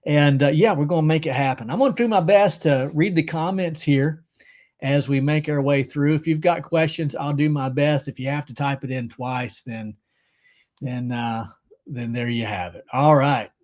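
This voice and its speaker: Man hosting a livestream from home, slightly high voice, casual and joking. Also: normal speed, a little mellow. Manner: joking, chummy, reads out viewer comments. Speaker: livestream host.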